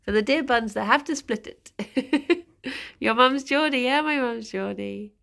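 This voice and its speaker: A woman's voice: fairly high pitch, unhurried, gravelly, a bit bright. Chatty, giggly young streamer woman. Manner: chatty, giggly, talks to her pet rabbits. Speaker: livestreamer. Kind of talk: casual livestream chat. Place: at home, indoors.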